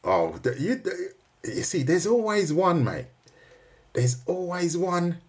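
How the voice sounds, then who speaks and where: A man's voice: sits high, sing-song, slow. Joking man teaching drawing on a livestream. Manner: joking, chatty, teasing viewers. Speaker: art teacher. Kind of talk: casual livestream drawing lesson.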